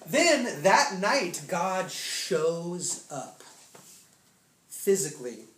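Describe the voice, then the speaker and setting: A man preaches to a congregation, telling a story in casual, slangy speech. He breaks into sudden excited bursts. The recording is echoey, with faint noise behind him. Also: high-pitched, very slow. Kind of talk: testimony sermon. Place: church room.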